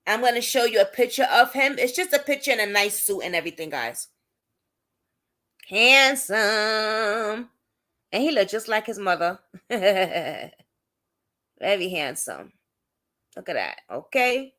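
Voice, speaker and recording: A woman's voice: mid-range voice, sing-song, normal speed, a bit bright. A young woman with a Brooklyn accent hosting a casual livestream, talking to viewers by name in an emphatic, indignant way. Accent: Brooklyn New York. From Brooklyn, New York. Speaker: host of an advocacy livestream.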